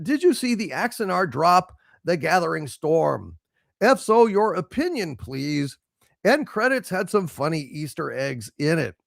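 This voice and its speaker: A man's voice: a little high, gravelly, no echo, studio quality. A man hosting a casual live stream, reading out viewer messages with mock-grand salutes in a loose, rambling way. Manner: loose and rambling, many fillers. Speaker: show host reading viewer super chats.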